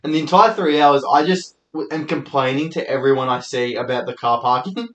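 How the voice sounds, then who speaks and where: A young Australian comedian hosting his own podcast tells rambling, sweary stories in a solo monologue. His medium-pitched voice is brisk, and the recording is reverberant and rough.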